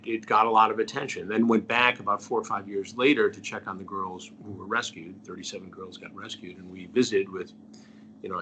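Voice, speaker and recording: A middle-aged investigative journalist, a guest being interviewed, tells a story earnestly, his phrases trailing off to a near-whisper. He has a lowish voice with a fairly bright tone, and there's slight background noise.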